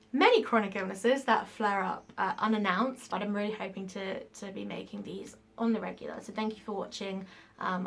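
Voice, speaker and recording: A woman's voice: medium pitch, gravelly. A woman vlogging to camera with a frank, emphatic, ranting delivery, swearing when she gets heated. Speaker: YouTuber. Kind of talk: casual vlog rant.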